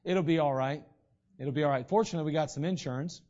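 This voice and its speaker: A man preaching a sermon as pastor, in a conversational way with frequent throat clearing. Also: fairly high pitch, fast, darkish tone. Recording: dull lo-fi recording.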